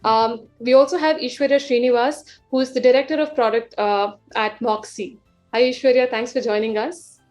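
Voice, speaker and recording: Woman, event host, polite intros, somewhat high voice, faint music. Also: fairly even intonation, a little mellow. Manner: polite, scripted introductions with "uh" pauses. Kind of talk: introducing panelists.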